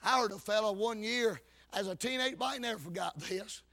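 A man preaching a sermon as a Baptist preacher, in a fervent, folksy style that swings between loud calls and low asides. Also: brisk, gravelly.

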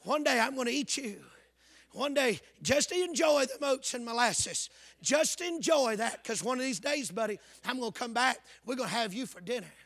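A man preaching a fervent revival sermon, shouting out hallelujahs and telling folksy stories. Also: extremely high pitch, expressive, normal speed, no room sound. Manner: folksy storytelling.

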